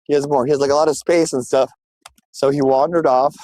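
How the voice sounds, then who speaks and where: A man's voice: mid-range voice, steady tone, a little fast, mellow, poor audio. A man live-streaming from his phone while walking outdoors, chatting loosely with his viewers in a rambling, scattered way. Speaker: livestreamer. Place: outdoors, walking through a neighborhood.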